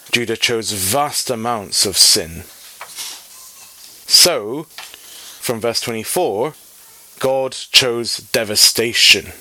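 A man's voice: medium pitch, sharp tone. A man teaching a Bible study lesson, emphatic and repeating key words for effect, with wry asides.

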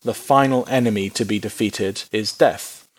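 A man preaching a Bible teaching sermon in a lively, humorous way, acting out little voices in quotes. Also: lowish voice, normal speed.

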